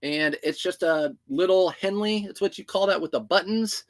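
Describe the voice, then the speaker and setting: A man's voice: high voice, moderate pace. A man who resells clothing, hosting a casual livestream and chatting as he answers viewer comments.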